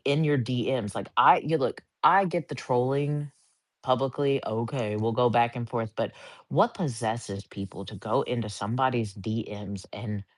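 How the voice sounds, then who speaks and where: A woman's voice: extremely low pitch, no room sound. A woman co-hosting a casual online audio chat, telling rambling stories full of "like" fillers. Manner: rambling storyteller with frequent "like" fillers.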